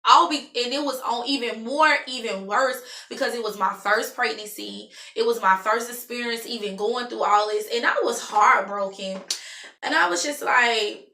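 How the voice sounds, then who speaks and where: A woman in her thirties tells her own story with emphatic, animated delivery. Her voice sits a little high and sounds bright and forceful, caught in an echoey room. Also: normal speed. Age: 30s. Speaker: vlogger. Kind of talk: personal storytime.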